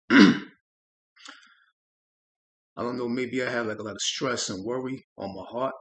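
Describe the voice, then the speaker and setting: On his spiritual channel, a man earnestly and reflectively recounts a personal experience, often halting and repeating words. His voice is medium-pitched and fairly bright with fairly even intonation, and the recording has a roomy echo.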